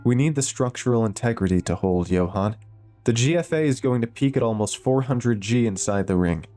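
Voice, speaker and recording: A man voicing a calm, precise female scientist explaining her work. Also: mid-range voice, fairly quick, soft background music, pitched above the performer's own voice, close to an everyday voice. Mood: focused.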